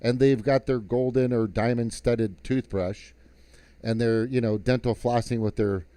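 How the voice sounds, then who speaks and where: A man's voice: mid-range voice, steady tone, a little slow, warm tone, clean tone, dry recording. A man on a live stream, telling a rowdy story in casual, profane talk that turns into a heated political rant.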